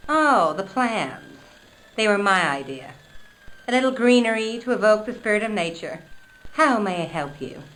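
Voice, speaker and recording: A woman playing a hassled clinic receptionist in a game, officious and dismissive, animated intonation. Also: medium pitch, moderate pace, lightly acted, low-quality recording.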